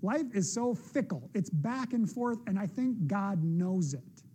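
A man's voice: high voice, lively intonation, unhurried, dark tone, a little hiss or hum. A middle-aged man, a pastor, preaching a sermon in an earnest, conversational way with personal asides.

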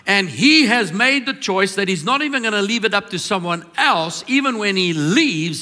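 Bright-voiced male preacher in a reverberant hall. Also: sits high. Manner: emphatic, swings from loud preaching to soft confiding. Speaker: pastor. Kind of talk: sermon.

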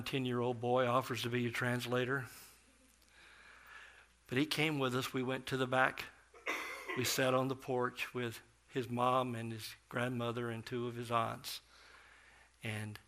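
A middle-aged man preaching a sermon as a pastor, telling a story with big swings between loud and soft. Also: mid-range voice.

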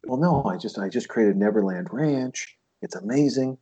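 A man's voice: mid-range voice, animated, normal speed, dark tone, slightly rough. A man doing a boastful, wheedling impression of a famous male pop star in a lo-fi podcast recording. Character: impression of a famous pop star, defiant adult man.

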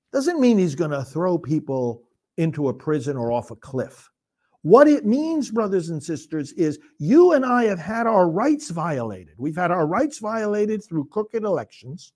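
With a high-sitting voice of darkish tone, a priest delivers passionate political commentary in the rhythm of preaching. He launches rhetorical questions and speeds up in sudden bursts as he becomes agitated.

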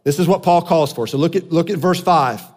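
A pastor preaching a sermon, earnest, moving between soft, slow lines and emphatic ones. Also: male voice, fairly high pitch, big-room sound.

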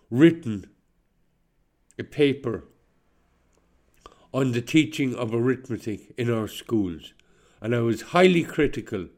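A man's voice: mid-range voice, a little mellow. A man with a slight chesty cough, speaking on a podcast in an aggrieved, insistent way. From Ireland. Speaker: podcast guest. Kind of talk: monologue on a podcast.

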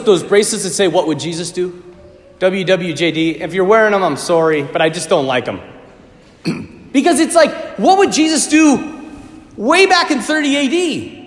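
A man, a priest, giving a homily at Mass, telling the story animatedly, acting out startled reactions and often clearing his throat. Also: high voice, a bit bright. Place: church. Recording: long church reverb.

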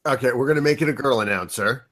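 A man's voice: mid-range voice, quick pace, a bit bright. Joking man in casual chat.

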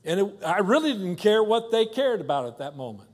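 A man's voice: high voice, very animated, fairly quick, hardly any pauses. A male pastor preaching a sermon in a church, acting out voices of complainers and children. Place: church sanctuary.

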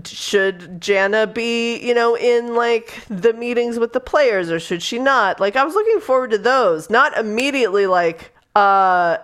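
A woman's voice: a little high, measured pace, hardly any pauses. A woman co-hosting a podcast, chatting casually about a book she disliked, swearing freely and acting out the characters' lines. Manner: animated, profane, acts out characters' lines. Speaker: podcast co-host. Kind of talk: casual book review chat.

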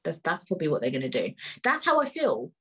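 A woman's voice: low voice, wildly swooping pitch, fast talker, bright, forceful tone, slightly rough, poor audio. A woman hosting her own podcast, tired and upset, ranting heatedly in slangy speech and repeating phrases. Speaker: podcast host. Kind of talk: angry ranting monologue.

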